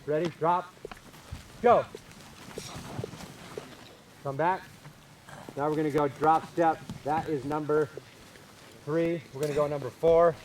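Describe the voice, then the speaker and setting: A man coaching baseball infielders on a field, calling out short, energetic drill cues and explaining technique. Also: a little high, takes it slowly, long pauses, slight background noise.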